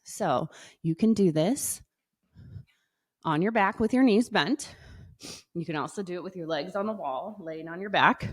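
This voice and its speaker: A woman's voice: on the low side, no room sound. Dry-sounding woman coaching breathing exercises. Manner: upbeat and playful, then slow and soothing. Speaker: wellness coach. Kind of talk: exercise and guided breathing instruction.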